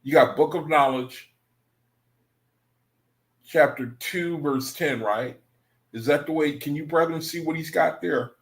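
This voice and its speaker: A man's voice: on the high side, measured pace, long pauses. A man hosting an online study group, talking casually and rambling, repeating himself and calling his viewers brethren. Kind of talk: casual livestream talk to viewers.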